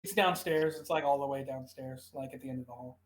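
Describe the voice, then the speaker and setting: A woman narrating as game master of a tabletop game, talking casually and quickly with trailing fillers. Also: a bass voice.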